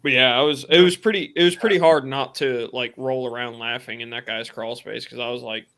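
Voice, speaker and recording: Bright-voiced man telling trade stories. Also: mid-range voice, fairly even intonation, a little fast. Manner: laid-back, profane, acts out quotes. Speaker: co-host and tradesman. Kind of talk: casual live-stream storytelling.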